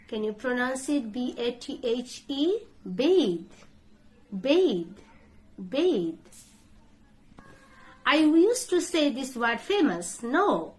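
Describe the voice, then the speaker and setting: Woman pronunciation teacher with a slightly high voice. She speaks very slowly and spells out letters. Drill style. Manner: spells words letter by letter and repeats each word many times; corrects common mispronunciations in short drill phrases. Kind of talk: pronunciation lesson.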